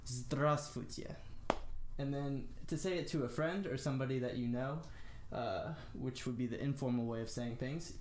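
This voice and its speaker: A young American man giving a casual spoken language lesson, slowly demonstrating phrases with lots of "uh" and "um". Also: medium pitch, darkish tone, echoey room. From United States. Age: young adult. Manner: slow, careful demonstration of phrases with frequent fillers. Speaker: language tutor.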